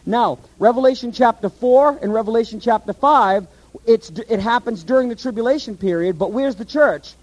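High-voiced guy preaching, lively, keeps asking the crowd stuff. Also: moderate pace, low-quality recording. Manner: animated, asks the audience questions. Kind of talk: sermon, Bible teaching.

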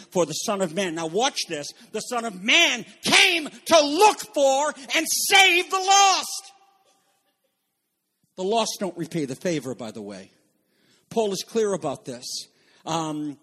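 A man preaching a sermon as pastor, swinging between loud emphatic proclaiming and soft, quiet asides. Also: high voice, husky.

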